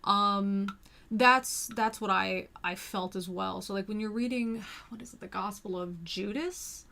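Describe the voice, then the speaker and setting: A woman hosts a relaxed, casual talk in a voice of middling pitch. She rambles and often restarts her sentences. She fills her pauses with frequent ums. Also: gravelly. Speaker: host. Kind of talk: casual chat.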